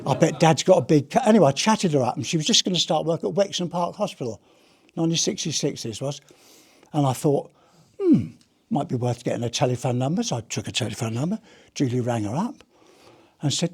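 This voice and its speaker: A man's voice: fairly high pitch, expressive, fairly quick, a little mellow, slightly rough. An older man, a retired police officer, giving a rambling, chatty anecdotal talk to a live audience. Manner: rambling, chatty storyteller with many restarts. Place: heritage gallery talk.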